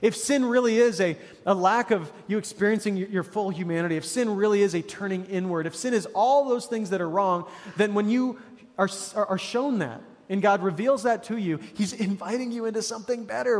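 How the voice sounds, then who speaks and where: A man's voice: sits high, in a large hall. A man preaching a sermon as a pastor, casual and conversational, with frequent restarts and an encouraging tone.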